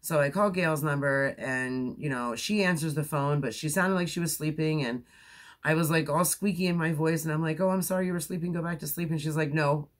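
A woman's voice: low voice, a little fast, hardly any pauses. A woman in her forties talking casually to her viewers. She rambles, laughs often and fills her sentences with ums and likes. She sounds tired from being up all night. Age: 40s. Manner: rambling, chatty, laughs often, many fillers. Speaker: crochet vlogger. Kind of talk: casual chat.

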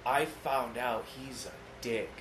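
A man's voice: mid-range voice, slow. A man co-hosting a podcast, telling a rambling, profane story in casual chat. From United States. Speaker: podcast co-host. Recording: roomy studio with noise.

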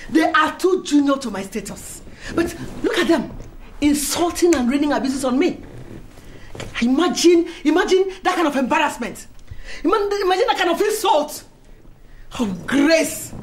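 A woman with a Nigerian accent playing a proud, furious senior woman of a ladies' club, ranting and shouting with scornful laughs in a film drama. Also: high-pitched, animated, a little slow, slight background noise. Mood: raging. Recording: echoey room with music underneath.

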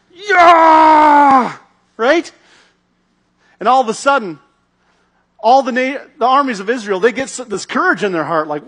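A man's voice: sits high, fairly bright tone, slightly rough. A man giving a sermon as pastor, telling a story animatedly and acting out its scenes.

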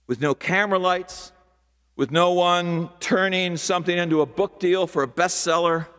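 A man preaching a sermon as pastor, slow and deliberate, with dramatic pauses and hushed asides. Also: sits high, fairly even intonation, smooth. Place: large church sanctuary. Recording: long hall reverb.

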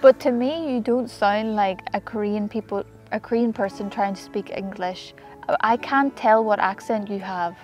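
A woman's voice: medium pitch, darkish tone, soft background music. A young woman with a strong Northern Irish accent, co-hosting a casual chat and chiming in eagerly. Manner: bubbly, quick to agree and chime in. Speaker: co-host.

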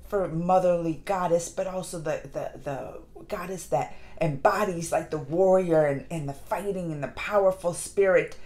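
A woman reviewing a movie in a casual vlog, gushing and excitable, with lots of fillers and restarts. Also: lowish voice. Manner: acts out lines in quick put-on voices. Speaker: movie reaction vlogger. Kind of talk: casual chat.

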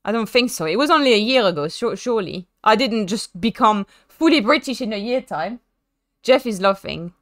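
A woman's voice: medium pitch, animated, moderate pace, no echo, clean studio sound. A young woman with a French accent chatting casually with her chat while sim racing, self-mocking and given to dramatic voiced asides. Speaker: streamer.

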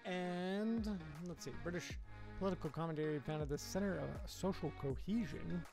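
Sarcastic male streamer, gravelly, faint music behind. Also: sits high, normal speed. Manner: sarcastic, mocking asides. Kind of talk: casual reaction commentary.

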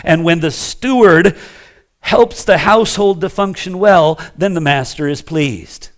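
Emphatic preacher with a higher voice. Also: male voice, unhurried. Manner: emphatic and conversational, with asides to the congregation. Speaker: pastor. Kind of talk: teaching sermon.

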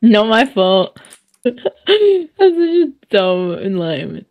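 A woman's voice: a little high, big pitch swings, drawn-out words, phone-quality sound. A young woman playing a game with a friend, rambling with many fillers and laughing a lot. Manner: giggly, rambling, lots of filler words. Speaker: gamer, guest co-player. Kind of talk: casual gaming chat.

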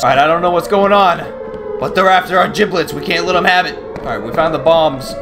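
A man's voice: on the high side, a little fast, music in the background. A man giving loose, profane commentary while playing a horror game, often yelping and laughing when something startles him. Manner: excitable, swears a lot, yelps when startled. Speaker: gaming YouTuber.

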